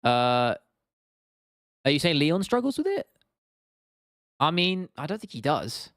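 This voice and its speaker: A man's voice: fairly high pitch, very animated, unhurried, fairly bright tone, no echo, studio quality. A young British man in his twenties, hosting a casual livestream, chatting loosely with viewers, swearing and calling them "bro". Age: 20s. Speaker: livestream host. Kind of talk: casual livestream chat reading viewer comments.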